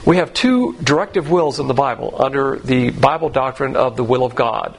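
Blunt, gravelly male Bible teacher. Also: medium pitch, expressive, normal speed, rough recording. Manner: blunt, folksy lecturing with rhetorical questions; acts out quoted voices.

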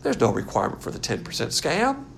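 Older male Bible teacher, gravelly voice, slightly higher than most men, blunt and contemptuous, with a faint hiss behind him. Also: quick pace. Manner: blunt, scornful, animated lecturing. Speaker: pastor teacher.

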